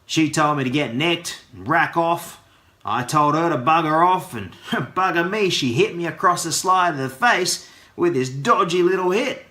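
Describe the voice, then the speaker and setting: Australian man, vlogger, slang-heavy yarn, bright forward tone. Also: a little high, expressive, measured pace. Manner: playful, packed with Aussie slang. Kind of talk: casual comedic storytelling.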